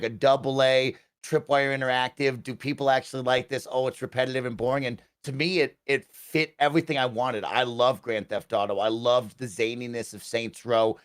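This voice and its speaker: A young man on a casual gaming chat, talking enthusiastically and quickly, often tagging his sentences with "right?". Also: medium pitch, dry recording, clean studio sound. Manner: enthusiastic, fast, peppered with "right?". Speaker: guest.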